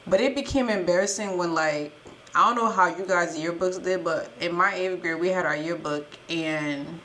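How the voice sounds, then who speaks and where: A woman's voice: fairly low pitch, moderate pace, a bit bright, slight background noise. A young adult woman co-hosting a podcast, chatty and laughing at herself while telling a story casually. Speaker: podcast co-host.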